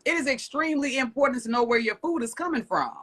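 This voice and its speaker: A woman guest who owns an urban farming business, chatting casually in a blunt, rambling, animated way. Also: high voice, quick pace. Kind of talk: casual chat.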